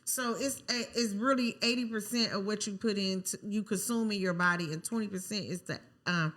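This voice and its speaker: A woman's voice: mid-range voice, moderate pace. A woman, co-hosting a podcast in a casual chat, telling stories animatedly. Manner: animated storytelling, acts out quoted voices. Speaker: podcast co-host.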